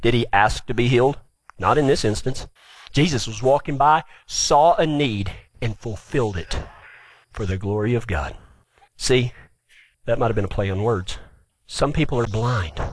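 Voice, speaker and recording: A male preacher giving a sermon, retelling scripture with animated storytelling, then dropping to a quiet, earnest appeal. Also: mid-range voice, a little slow, long pauses, dry recording. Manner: animated storytelling, acts out the quoted speakers.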